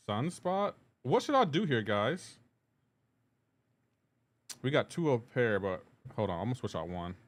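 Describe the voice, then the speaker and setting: A man's voice: mid-range voice, a bit bright. A man live streaming a game, chatting casually and answering viewers' messages while he plays. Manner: laid-back, reads chat messages aloud and answers them; rambling with frequent restarts and asides to gameplay. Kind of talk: casual gaming livestream chat.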